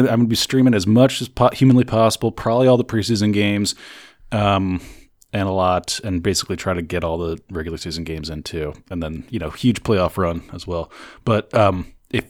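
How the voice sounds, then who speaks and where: A man with a fairly low voice co-hosts a relaxed sports podcast. He teases his partner and laughs easily. The recording is dry and close to the mic. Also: no room sound. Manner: laid-back, teasing, laughs often. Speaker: podcast co-host. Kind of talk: casual sports chat.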